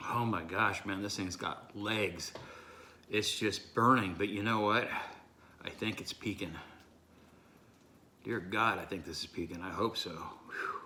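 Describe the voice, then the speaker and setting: A man vlogging a hot sauce challenge, his voice strained and breathy, gasping and pausing as he recovers. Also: fairly low pitch, bright, forceful tone, slight background noise. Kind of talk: casual vlog talk to camera.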